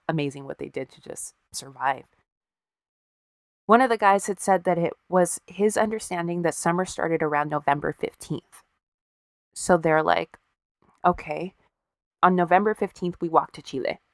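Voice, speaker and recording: A woman's voice: sits low, normal speed, no room sound, studio quality. A woman co-hosting a podcast, casually telling a story with wry, profane asides and acted-out quotes. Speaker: podcast co-host.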